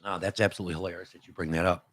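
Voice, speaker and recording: A man's voice: sits low, level tone, racing, fairly bright tone, dry recording. A man in his fifties, born and raised in Detroit, hosting a casual opinion talk show and rambling in a folksy way with lots of "you know" and restarts. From Detroit, USA.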